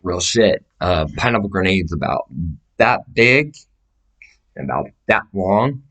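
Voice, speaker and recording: Deep voiced guy just rambling to the camera, swearing a lot, jumps around. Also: a bit bright. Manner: profane, meandering, gestures while describing sizes. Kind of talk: rambling casual monologue to camera.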